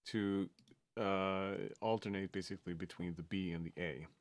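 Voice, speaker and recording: A man's voice: deep voice, fairly even intonation, moderate pace, dry recording. A man from Sweden, a music producer talking casually on a livestream, hesitant and full of fillers and restarts.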